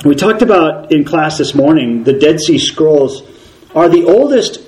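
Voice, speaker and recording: A man's voice: fairly high pitch, expressive, measured pace, darkish tone, rough recording. A man preaching a sermon, earnest and conversational, with frequent rhetorical questions and occasional ums and restarts.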